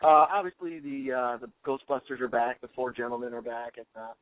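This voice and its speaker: A man co-hosting a podcast in a casual chat, excitedly quoting lines and gushing over what he loves. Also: medium pitch, dry recording. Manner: excited, quick to quote lines. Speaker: podcast co-host. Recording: tinny phone-like sound, dry.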